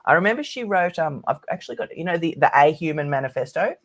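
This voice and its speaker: Woman, academic guest, casual podcast chat, ranting, animated. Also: deep voice. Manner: animated ranting, quick to mimic others.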